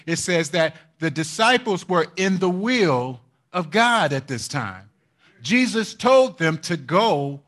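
A man's voice: high voice, fairly bright tone. A man pastor preaching a sermon, repeating his points and checking in with the congregation, with frequent chuckles. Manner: repetitive, asks the congregation for responses; chuckles often while preaching.

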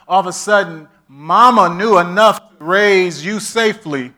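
A man preaching a sermon, with funny asides that drop to a soft voice and swing back to loud, lively preaching. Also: high-pitched, unhurried, hardly any pauses. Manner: animated, humorous preaching with sudden soft asides. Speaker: pastor.

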